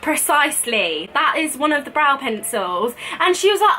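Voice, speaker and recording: A woman in her twenties vlogging, telling a story in casual chat, animated and giggly, acting out quoted lines in a higher voice. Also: fairly quick, hardly any pauses. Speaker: beauty vlogger.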